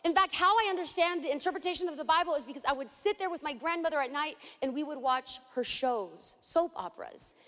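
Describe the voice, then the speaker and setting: A woman Bible teacher from East Los Angeles preaching a sermon, dramatic and animated, acting out scenes as she teaches. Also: sits high, fast, hardly any pauses. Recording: hall reverb.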